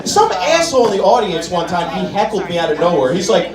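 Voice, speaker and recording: Animated male stand-up comic in a roomy club. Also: sits high, fast talker, hardly any pauses. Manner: animated, addresses the crowd directly. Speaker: stand-up comedian. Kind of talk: live stand-up comedy. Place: comedy club. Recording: roomy club, distant mic, crowd laughter.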